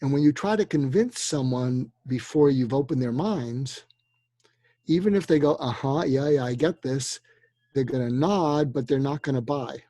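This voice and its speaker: An older man giving persuasion advice in a relaxed interview, acting out the lines he suggests people say in a calm, coaching way. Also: mid-range voice, normal speed, no room sound. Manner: acts out quoted dialogue in a calm coaching tone. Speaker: guest expert on persuasion.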